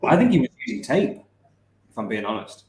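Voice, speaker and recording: A man's voice: mid-range voice, very animated, a little fast, a little mellow. Man chatting in an echoey room. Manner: rambling anecdotes with self-corrections. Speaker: podcast co-host. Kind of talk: casual chat, telling a story.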